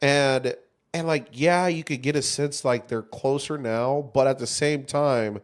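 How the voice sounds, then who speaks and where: Male co-host, 30s, casual rambling chatter with easy swearing, middle pitch. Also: measured pace. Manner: loose, rambling, swears freely; lots of fillers and restarts. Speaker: podcast co-host. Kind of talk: casual chat.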